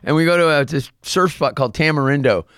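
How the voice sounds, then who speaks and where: A man's voice: a little high, fast, a bit bright, clean tone, no echo, clean studio sound. A man telling boastful, crude stories in a rowdy podcast chat, saying "dude" a lot. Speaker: guest storyteller.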